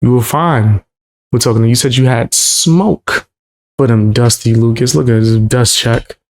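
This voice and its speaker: A man reacting to a clip on his live stream, blunt and mocking with lots of profanity. His voice has a gravelly fry in it, and he talks in a casual, cutting way. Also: mid-range voice, unhurried.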